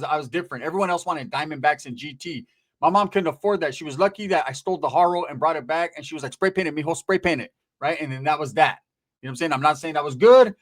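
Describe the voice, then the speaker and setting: Streetwise male storyteller from Northern California; profane, casual, fairly high-pitched. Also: fairly bright tone.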